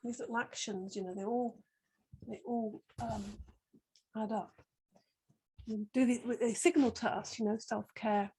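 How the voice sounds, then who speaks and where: Middle-aged woman talking you through slow yoga, mellow breathy voice, calm and unhurried. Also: a little high, poor audio. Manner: gentle, slow, soothing cues with many pauses. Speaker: yoga teacher. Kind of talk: guided yoga class instruction.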